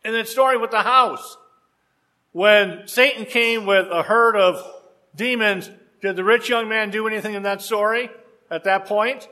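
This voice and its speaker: A man preaching a sermon, telling a story with rhetorical questions and dramatic pauses. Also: high voice, pushed and bright.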